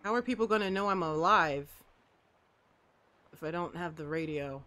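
Bright-voiced woman narrating her gameplay. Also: lowish voice, normal speed. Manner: talks to the game and its objects, swings between mopey and excited outbursts. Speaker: gamer. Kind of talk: let's play commentary.

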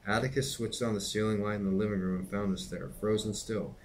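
A middle-aged man reading a novel aloud in a steady, unhurried way, with occasional casual asides to his listeners. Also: lowish voice, a little hiss or hum, low-quality recording. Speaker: reader and teacher.

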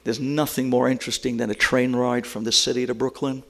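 A man's voice: mid-range voice, fast, vocal fry, few pauses. A man who is a rabbi, telling a personal story to an audience and acting out the other speakers in it.

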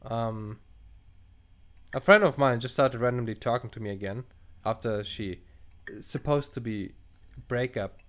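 Young man, non-native English, gaming commentary, animated, swearing, mid pitch. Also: a little slow. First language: not English. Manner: animated, swearing, thinking aloud while reading choices. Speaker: gaming channel host. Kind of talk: casual let's play commentary.

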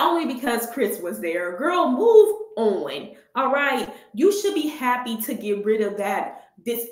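A woman hosting a reaction channel, giving sassy, skeptical commentary with drawn-out asides. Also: mid-range voice, roomy sound.

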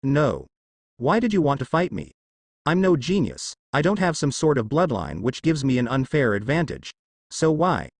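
A man voices a brash, cocky teenage boy ninja full of bold talk. The pitch jumps around with energy, and the recording is close and dry. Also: very animated, moderate pace, no echo.

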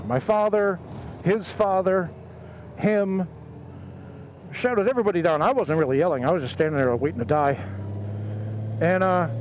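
A middle-aged man motovlogging, casually telling a story from his youth and acting out the voices of the people in it. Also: high voice. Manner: animated storyteller, acts out quoted voices. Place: outdoors on a motorcycle. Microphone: helmet headset mic. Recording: road and traffic noise behind.

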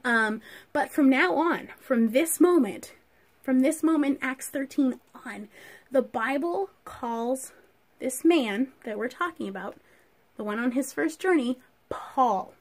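A woman teacher telling a Bible story to children, with animated storytelling and rhetorical questions. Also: high voice, slow pace.

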